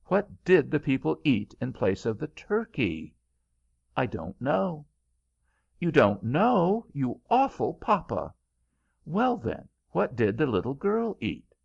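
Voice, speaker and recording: A man voicing an eager, demanding little girl in a story reading, high and insistent. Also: big pitch swings, slow, vocal fry, darkish tone, breathy edge, exaggerated voice. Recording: dull lo-fi audiobook recording.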